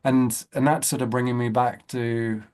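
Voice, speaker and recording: A man's voice: medium pitch, level tone, moderate pace, darkish tone, clean tone. A man in a reflective casual chat, talking thoughtfully and repeating words as he works out his ideas. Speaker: self-inquiry group member. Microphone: video call.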